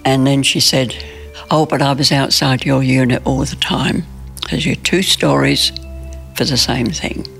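Gravelly-voiced woman in her nineties. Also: rumbling low, steady tone, fairly bright tone, soft background music. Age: 90s. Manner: plain, halting storytelling with restarts. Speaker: interview guest. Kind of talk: recounting a personal story in an interview.

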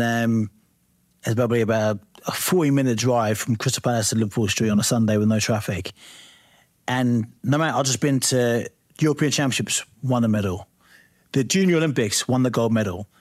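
Animated man hosting a podcast. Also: medium pitch, no echo, studio quality. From England. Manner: animated anecdotes, probing questions. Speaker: podcast host. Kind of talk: casual interview chat.

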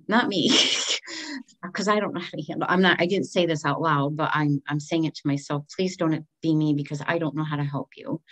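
A middle-aged woman speaking as a guest, telling a personal story candidly and expressively, acting out what people said. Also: low-pitched. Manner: candid and expressive, acts out quoted speech.

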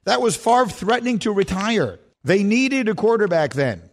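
Animated, high-pitched sports radio man. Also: normal speed. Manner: emphatic, rhetorical questions, animated. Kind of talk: opinionated sports radio commentary.

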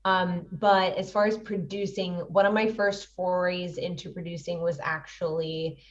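A woman's voice: on the low side, flat delivery, unhurried, distant mic, muffled recording. A woman in her thirties, an actress and producer, chatting animatedly as an interview guest and laughing often. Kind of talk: casual interview chat.

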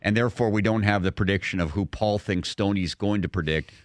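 A man's voice: fairly low pitch, fairly quick, no room sound, clean studio sound. A man hosting a sports radio show, joking and teasing with his guests. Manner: jokey, teasing. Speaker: radio host.

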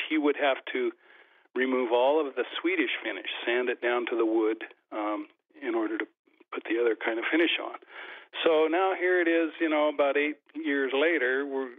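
A man calling in to a radio show, asking his question hesitantly with many fillers and restarts over a phone line. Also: mid-range voice. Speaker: caller. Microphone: telephone.

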